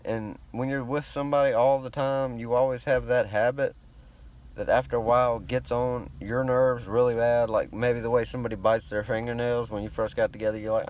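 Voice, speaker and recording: A man with a rural American country accent and a laid-back drawl rambles through a vlog monologue, swearing freely and sounding self-conscious. His voice sits lowish, his tone stays steady, and he talks fairly quick.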